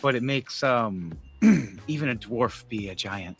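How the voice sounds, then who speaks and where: A man voicing a flirtatious, teasing snake-haired woman who talks low and hushed, with faint music behind. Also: slow. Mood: conspiratorial.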